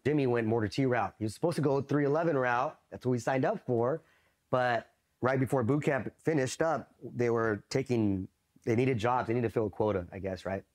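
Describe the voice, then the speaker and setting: A Marine veteran from East Los Angeles tells stories in a casual, profane interview. His mid-range voice stays loose, peppered with "you know" and "right?".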